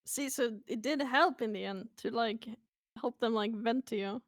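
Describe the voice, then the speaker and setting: A woman's voice: fairly high pitch, moderate pace, no echo, studio quality. A woman co-streaming, chatting casually and teasing her co-host. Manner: teasing, playful.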